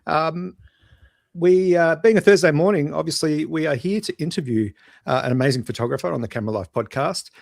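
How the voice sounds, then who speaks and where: A man's voice: on the high side, a little fast, gravelly, a little mellow, no room sound, clean studio sound. A man with an Australian accent hosting a podcast in a jokey, self-deprecating way, tripping over names. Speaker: podcast host. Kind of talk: casual podcast chat.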